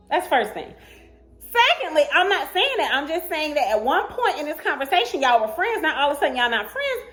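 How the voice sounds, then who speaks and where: A woman vlogger telling a dating story in a casual storytime, sassy and animated, often laughing as she acts out both sides of the chat. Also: sits high, fairly quick.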